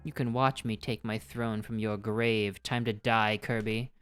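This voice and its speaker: A man's voice: fairly low pitch, level tone, measured pace, faint music behind. A man reading aloud as an arrogant evil knight who was once a childhood doll, in a melodramatic villain delivery. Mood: menacing. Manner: melodramatic villain reading, swings to panicked shouting. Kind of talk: reading game dialogue aloud.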